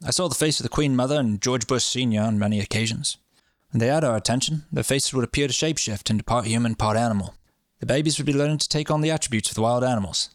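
A man's voice: medium pitch, quick pace, no room sound, studio quality, lightly acted. A man reading out a British man's account of his childhood in a put-on British accent that comes and goes. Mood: earnest. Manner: earnest, unsure and wavering accent.

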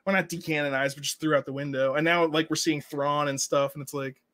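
A man with a slightly higher voice rants his way through a casual podcast chat, animated and sarcastic. He keeps slipping into mocking impressions to land his points. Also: a little fast, crowd noise. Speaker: co-host.

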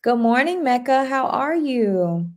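Her voice is high, a little mellow, and swings widely in pitch, though her pace stays measured. She's hosting a casual livestream, cheerfully chatting, reading viewer comments, and greeting people by name.

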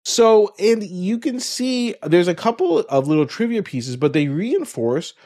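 A man's voice: sits high, expressive, a little slow, a little mellow. Middle-aged guy on a movie podcast, rambly, keeps losing his thread. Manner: rambling, loses track and restarts. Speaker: podcast co-host. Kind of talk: casual movie review chat.

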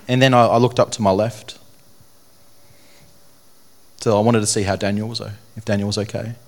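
A young man telling his personal story to an audience, in an earnest, halting way that repeats phrases. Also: on the low side, steady tone, a little mellow. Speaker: speaker telling his testimony. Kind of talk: personal testimony talk to an audience.

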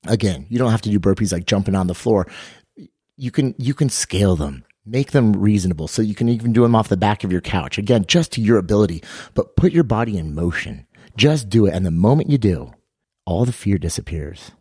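A man with a low, dark and mellow voice tells a story on a podcast with lots of energy. He acts out the people in his story. The sound is dry and close. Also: brisk, breathy edge, no room sound. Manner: energetic storyteller, acts out quotes with raised pitch. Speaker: podcast co-host and fitness coach.

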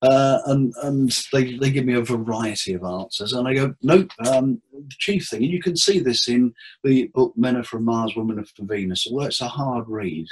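Husky man telling lively anecdotes. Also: medium pitch, moderate pace, rough recording. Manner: animated storyteller acting out client dialogue. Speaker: therapist guest. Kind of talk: casual interview chat.

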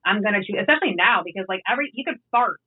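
A woman's voice: mid-range voice, animated, very fast, slightly rough. Woman, 30s, easygoing officer guest, casual storyteller, phone-quality audio. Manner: laid-back, storytelling, swears casually. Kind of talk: casual podcast chat. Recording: tinny phone line.

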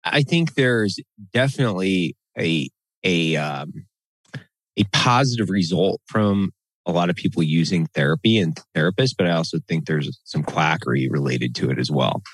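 A man's voice: low voice, moderate pace, breathy edge, dry recording. Blunt, profane man in casual chat. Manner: blunt, profane, animated when ranting.

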